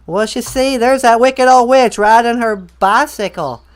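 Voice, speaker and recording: A woman's voice: on the high side, a little slow. A woman telling a story in a playful, rambling way, with hesitant restarts. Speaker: guest storyteller. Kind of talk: casual storytelling.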